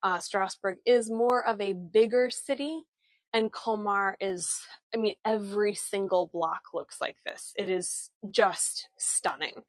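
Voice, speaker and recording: A woman's voice: medium pitch, measured pace, no echo, poor audio. A woman from the American Pacific Northwest and Midwest in her thirties, narrating a live-streamed walking tour outdoors on a phone, chatty and enthusiastic with many fillers. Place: outdoors on old-town streets.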